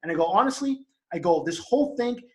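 Boston guy ranting fast about a dumb thing that happened, kinda high voice, swears a lot. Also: animated, darkish tone. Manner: fast, heated, profane storytelling. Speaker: co-host telling a story. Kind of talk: casual storytelling chat.

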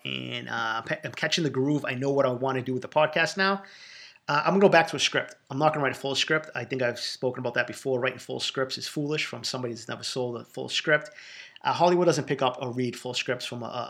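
A man's voice: mid-range voice, a bit bright. A man with a Boston accent hosting a solo podcast, answering listener questions in an emphatic, profane, boastful way. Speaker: podcast host.

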